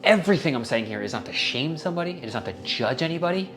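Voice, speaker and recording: A man's voice: a little high, animated, racing, creaky, fairly bright tone, soft background music. A young adult man hosting a wellness talk, speaking earnestly and casually about healing, with the odd swear and open emotion. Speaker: wellness podcast host. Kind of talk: heartfelt self-help monologue.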